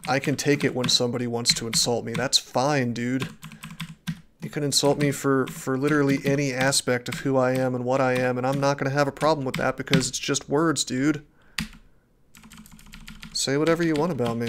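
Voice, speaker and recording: A man's voice: medium pitch, slight background noise. A man streaming a game live, chatting casually in a ranting, profane style with many restarts. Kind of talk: casual live-stream chat over gameplay. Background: faint keyboard clicks.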